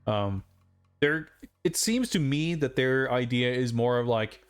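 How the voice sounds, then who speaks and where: A man's voice: medium pitch, animated, unhurried, smooth, soft background music. A man casually chatting while streaming a video game live, rambling with lots of fillers and asides.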